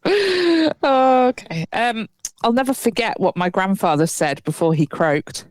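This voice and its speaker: A woman's voice: a little high, animated, slow, dry recording. A woman co-hosting a casual podcast, reacting with laughter and groans, telling jokes and wrapping up the show. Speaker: podcast co-host.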